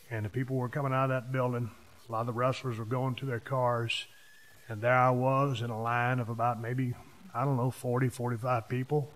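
A man, hosting a podcast and telling stories from his past in a casual monologue, hitting key words with sudden louder bursts. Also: medium pitch. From Texas. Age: 50s. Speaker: podcast host.

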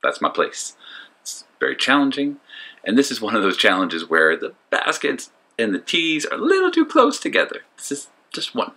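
A man's voice: medium pitch, wildly swooping pitch, moderate pace, pushed and bright. A man giving casual voice-over commentary for his disc golf vlog, joking and mocking himself as he rambles with fillers.

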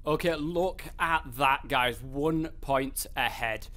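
A young English man giving live commentary over a football video game. He gets excitable and swears a lot, shouting at the game. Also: medium pitch, slow pace. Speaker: gaming YouTuber. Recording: faint background noise.

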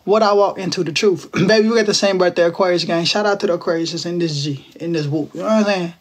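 This high-pitched man talks fast while hanging out with his livestream audience on his phone. He's in his twenties, from Texas, and keeps the casual chat full of teasing, slangy, playful jabs.

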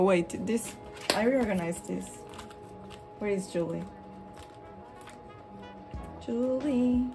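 A young European woman vlogs from a hot room at home with a fan running, chatting casually while showing off a collection. Her mellow voice moves slowly, and she rambles expressively, jumping into animated, high-pitched retellings.

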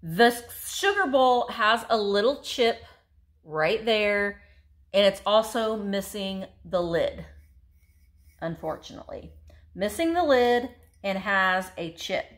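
Slow-talking, gushing woman. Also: mid-range voice, lively intonation. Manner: gushing, enthusiastic, chatty. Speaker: vintage reseller. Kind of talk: casual show-and-tell haul video.

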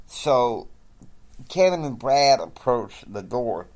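A man telling an improvised story in a halting, rambling way, with many fillers. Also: medium pitch, animated.

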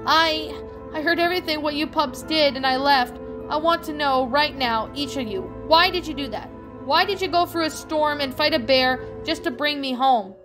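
A woman's voice: high voice, normal speed, over music, voice pushed up, close to an everyday voice. A woman voicing an upset young male puppy in a fan fiction reading, with a raised, emotional delivery. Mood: pleading.

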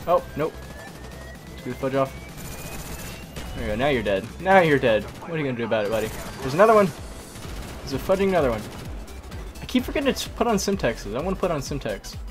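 A tired man giving rambling, casual commentary on his own gameplay, talking to himself and swapping swear words for mild ones. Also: mid-range voice. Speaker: gaming commentator. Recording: game audio with music underneath.

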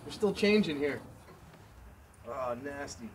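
A man giving a casual running commentary as he works, excitable, exclaiming and thinking aloud into a camera mic held close. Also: a little high, slow pace. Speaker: vlogger restoring a vending machine. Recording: noisy background hiss.

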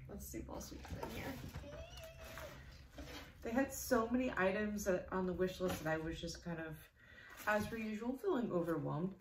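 A young woman vlogging an unboxing in casual chat, gushing and excitable, sometimes dropping to a whisper. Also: lowish voice. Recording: roomy echo, faint noise.

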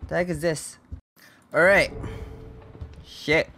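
A young man commentating his way through a horror game with a slightly high voice. He talks slowly and jumpily to himself, swears nonstop, and yelps when something scares him. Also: fairly even intonation, pushed and bright, soft background music. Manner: jumpy, swears constantly, nervous self-talk. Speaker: gaming channel host.

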